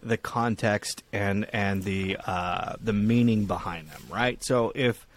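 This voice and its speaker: A man's voice: fairly low pitch, slow, a little hiss or hum. A young man co-hosting a podcast in casual chat, rambling with restarts and swearing freely. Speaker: podcast co-host.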